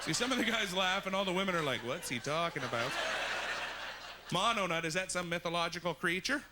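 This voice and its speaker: A man doing an animated stand-up comedy set on a club stage, with exaggerated, punchy delivery. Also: sits high, fast talker, heavy background noise. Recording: live set with loud audience laughter.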